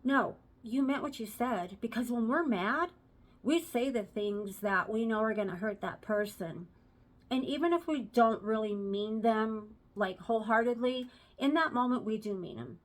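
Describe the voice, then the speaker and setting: Chatty woman with a high voice. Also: normal speed. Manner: chatty, repeats herself for emphasis. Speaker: relationship advice vlogger. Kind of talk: casual talk to camera.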